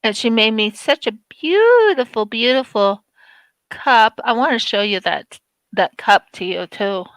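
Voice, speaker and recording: Teary high-voiced woman chatting slowly on a craft stream, bright voice, dry close sound. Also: expressive, clear, resonant tone, no echo, rough recording. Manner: emotional, apologetic, perfectionist. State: tearful. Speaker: craft channel host. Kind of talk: casual live-stream chat while crafting.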